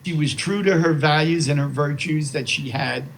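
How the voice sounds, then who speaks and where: A man's voice: fairly high pitch, normal speed, gravelly, a little hiss or hum, low-quality recording. A man in his eighties, a guest in an interview, telling stories in a rambling, heartfelt way and often repeating himself with "you know". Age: 80s. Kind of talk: heartfelt conversational storytelling.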